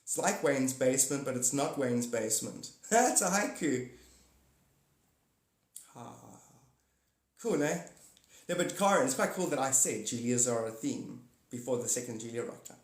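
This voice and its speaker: A man's voice: mid-range voice, lively intonation, normal speed. A man hosting a livestream and chatting with viewers in a rambling, casual way, jumping between topics and laughing often. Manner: giggly, jumps between topics, talks to viewers by name. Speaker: livestream host. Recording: echoey room.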